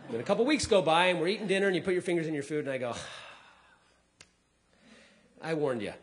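Male stand-up comic, animated storyteller, voice on the high side. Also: racing, a little hiss or hum. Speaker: comedian. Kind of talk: stand-up comedy set. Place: lecture hall with a live audience.

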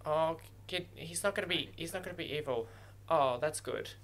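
A man hosting a first-watch reaction video, talking excitedly at the screen and swearing freely as he reacts. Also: fairly high pitch, normal speed.

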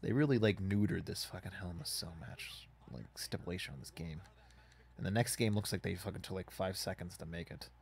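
Low gravelly man swearing at a game. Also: brisk, a little mellow. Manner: profane, frustrated rambling at the game. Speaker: gaming YouTuber. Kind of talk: casual gameplay commentary.

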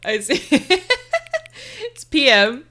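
A young woman chats loosely with her live-stream viewers. She is getting over covid and sounds a little congested. Her voice sits high and sounds bright and sharp, and she is quick to giggle. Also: lively intonation. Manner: chatty, giggly, reads chat aloud. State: sick with covid. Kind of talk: casual live-stream chat.

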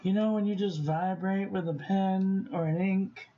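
A man vlogging about stationery, talking to himself in an expressive, profane way as he tests inks. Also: sits high, unhurried, highs cut off, a little hiss or hum. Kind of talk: casual unboxing vlog.

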